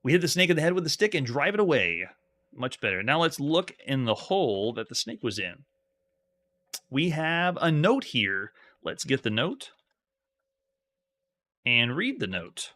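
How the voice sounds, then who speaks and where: A man's voice: mid-range voice, sing-song, unhurried, long pauses, fairly bright tone. A man streaming a live playthrough of an old adventure game, reading the screen text aloud and chatting with viewers between commands. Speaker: streamer playing retro games. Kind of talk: live gameplay commentary.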